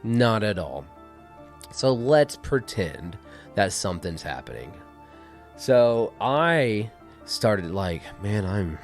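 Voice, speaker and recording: A man's voice: lowish voice, sing-song, slow pace, faint music behind. A man co-hosting a podcast, telling ghost stories in a rambling, profane, casual way that often trails off into a mumble. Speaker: podcast co-host. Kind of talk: casual chat.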